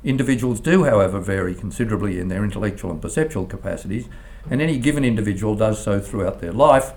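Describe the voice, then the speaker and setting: Older male professor giving a measured lecture. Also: on the low side, a little mellow. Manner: measured, formal delivery with occasional stumbles. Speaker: philosophy professor. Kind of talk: academic lecture read from a text.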